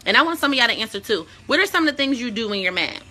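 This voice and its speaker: Bright-voiced woman, blunt and profane. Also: on the high side, expressive, rapid-fire. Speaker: show host. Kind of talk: casual vlog talk.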